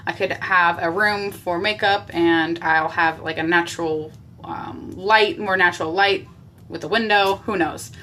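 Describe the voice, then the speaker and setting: A woman's voice: on the low side, steady tone, unhurried, bright, forceful tone. A woman chatting on a live makeup stream from a small basement bathroom, talking into a phone camera and answering viewer comments as she goes. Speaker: makeup livestreamer. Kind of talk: casual live-stream chat.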